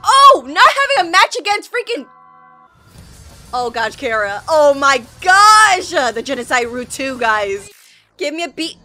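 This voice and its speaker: Woman YouTuber, excitable reaction commentary, high and lively, laughs often. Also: measured pace, soft background music. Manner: animated, laughing often, exclaiming at the screen.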